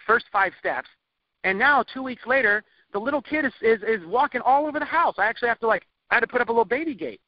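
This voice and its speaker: High-voiced energetic male marketing coach. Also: no room sound, highs cut off. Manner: energetic, rambling, laughs often, many restarts. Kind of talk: recorded training lesson.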